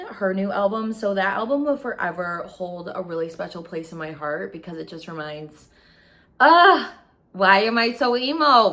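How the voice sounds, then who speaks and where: A young adult woman beauty vlogger telling a story in casual chat, gushing and emotional. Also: mid-range voice.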